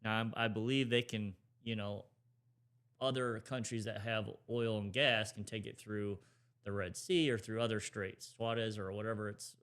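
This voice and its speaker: A man's voice: on the low side, flat delivery, moderate pace, a bit bright. A man co-hosting a podcast, talking current affairs in a casual, rambling way, with lots of restarts and hedges. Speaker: podcast co-host.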